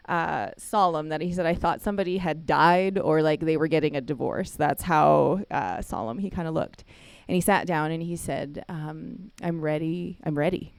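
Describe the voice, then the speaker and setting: A woman's voice: low voice, moderate pace, gravelly, darkish tone, clean tone, no echo. A woman in her thirties speaking at a chapel service, telling a family story and acting out the quoted voices. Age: 30s. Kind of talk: storytelling sermon.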